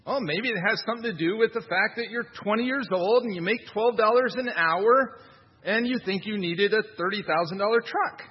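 A man's voice: high voice, fairly quick, husky, in a large hall, lo-fi sound. A man preaching a sermon in a conversational, wry manner, with rhetorical asides. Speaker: pastor.

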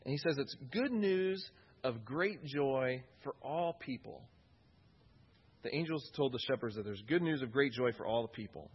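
Male preacher, husky voice, earnest and repetitive delivery, slightly dull lo-fi recording. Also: medium pitch, expressive, moderate pace. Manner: earnest, repeats key phrases for emphasis. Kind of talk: sermon.

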